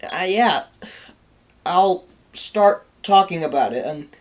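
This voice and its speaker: Casual video review, rambling delivery, frequent fillers, easily amused, mid pitch. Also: expressive, slow pace. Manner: rambling, full of ums and likes. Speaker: channel host reviewing a video.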